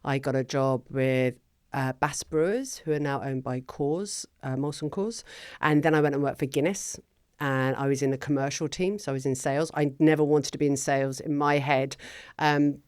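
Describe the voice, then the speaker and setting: A middle-aged woman, telling her story as a guest in a casual interview in an animated, chatty way. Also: deep voice, normal speed, smooth, no room sound, clean studio sound. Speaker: guest, business founder.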